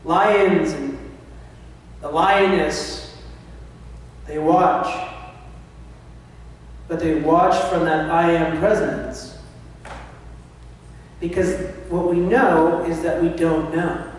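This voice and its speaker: A man's voice: a little high, steady tone, extremely slow, pauses often. A man giving an impassioned spiritual talk, sometimes acting out anxious inner voices. He is recorded from a distance in a large church hall. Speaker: spiritual speaker. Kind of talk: sermon. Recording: distant mic in a reverberant hall with faint noise.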